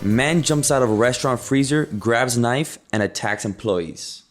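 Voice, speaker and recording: A man's voice: medium pitch, a little slow, soft background music. A man co-hosting a casual talk show, speaking emphatically and reading out news headlines. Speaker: podcast co-host. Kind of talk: casual chat.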